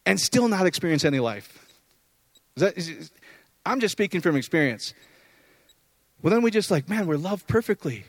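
A man's voice: high voice, normal speed, long pauses, no echo. A man preaching an informal, conversational sermon, often checking in with his listeners. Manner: conversational, animated, often asks "does that make sense".

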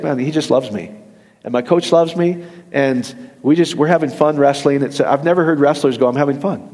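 A man preaching a sermon in a lively, conversational way, acting out quoted voices as he talks to his congregation during a church service. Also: a little high, in a large hall. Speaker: pastor.

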